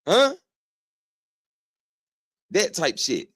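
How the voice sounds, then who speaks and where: A man's voice: medium pitch, expressive, no room sound, studio quality. A man hosting a reaction video, giving slangy, mocking commentary on a clip. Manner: slangy, drawn-out, mocking asides.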